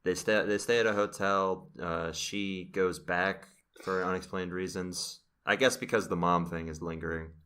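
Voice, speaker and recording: A man's voice: sits low, fairly even intonation, normal speed, bright, forceful tone, smooth. A man casually recapping a TV episode on a podcast, rambling with fillers. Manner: rambling, with frequent fillers and laughs. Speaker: podcast host.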